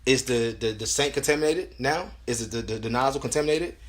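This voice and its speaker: A man's voice: mid-range voice, quick pace. A man preaching fervently at home, full of restarts and repeatedly calling listeners brothers and sisters. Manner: fervent and repetitive, with many restarts. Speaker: lay preacher. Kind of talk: impassioned home sermon. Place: at home, indoors.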